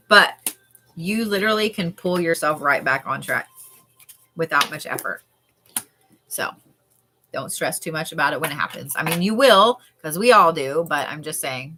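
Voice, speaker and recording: A woman doing a chatty, animated live-stream card reading as a tarot reader. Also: on the low side. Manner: chatty and animated, with frequent laughs and yawns.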